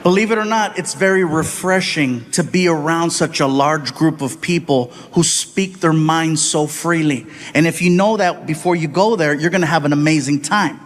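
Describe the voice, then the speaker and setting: High-voiced animated stand-up comedian, man. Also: normal speed, hardly any pauses. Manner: animated, acts out voices and shouts. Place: comedy stage before a live audience.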